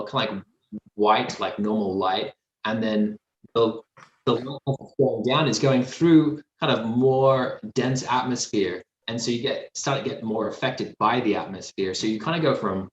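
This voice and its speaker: A man's voice: lowish voice, muffled recording, a little hiss or hum. Australian man explaining painting in a roomy call. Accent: city Australian, softened. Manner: thoughtful, rambling explanations with fillers. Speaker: guest art instructor. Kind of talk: live painting demo Q&A.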